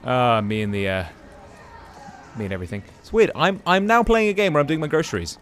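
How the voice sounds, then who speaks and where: Lively man narrating his gameplay. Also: fairly high pitch, a little fast. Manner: chatty, exclaims and muses aloud while playing. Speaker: gaming YouTuber. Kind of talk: casual gameplay commentary.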